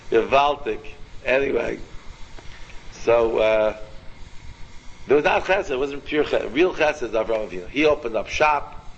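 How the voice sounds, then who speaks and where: Animated man teaching a Torah class. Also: medium pitch, a little slow, long pauses, breathy edge, highs cut off. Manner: animated, repetitive, quizzes listeners by name. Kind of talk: informal Torah class with questions to students.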